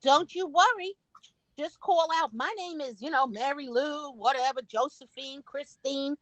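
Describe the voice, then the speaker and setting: A woman's voice: sits high, unhurried, fairly bright tone, dry recording, low-quality recording. A woman playing a friendly Southern neighbor lady who greets newcomers in a chirpy, sing-song way. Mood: welcoming.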